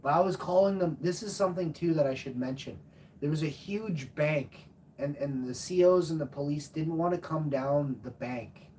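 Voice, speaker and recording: Far from the mic, with a little hiss or hum, a young man with a high-side voice talks fairly quickly with few pauses. Livestreaming from a room at home at night, he rambles through a brash, profane story, performing his own shouting.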